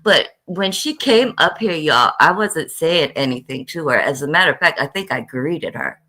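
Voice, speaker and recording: A woman's voice: deep voice, animated, moderate pace, bright, forceful tone. A woman from South Carolina with a Gullah Geechee accent, a panel guest on an online call who hesitates and then cusses back sharply. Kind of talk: heated livestream panel talk.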